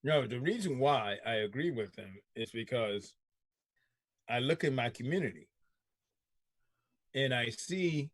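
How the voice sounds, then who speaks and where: A man's voice: medium pitch, no room sound. A man co-hosting a casual group talk show, speaking emphatically and repeating himself for stress.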